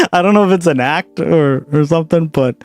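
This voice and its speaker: A man from Boston hosting a casual reaction stream, talking fast and loosely, swearing and laughing often. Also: a little high, no room sound, soft background music. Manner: profane, animated, laughs a lot.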